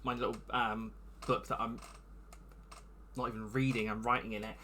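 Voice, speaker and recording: Male player, bright tense tone, stammers, trails off. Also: medium pitch, flat delivery, moderate pace, a little hiss or hum. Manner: mumbling, stammering. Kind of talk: tabletop role-play.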